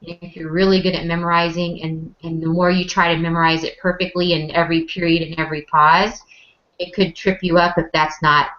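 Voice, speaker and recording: A woman's voice: fairly low pitch, level tone, brisk, a bit bright. A woman entrepreneur answering on a panel, confident and reflective. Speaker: entrepreneur, competition winner. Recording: muffled lo-fi recording.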